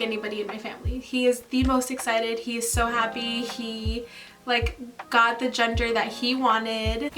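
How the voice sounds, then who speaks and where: A chatty young woman with a high, bright-sounding voice talks straight to her viewers, gushing and full of little laughs. She sounds a bit set back from the mic, with music playing underneath. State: pregnant, tired. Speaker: vlogger. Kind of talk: casual chat to camera. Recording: mic at a distance, music behind. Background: background music.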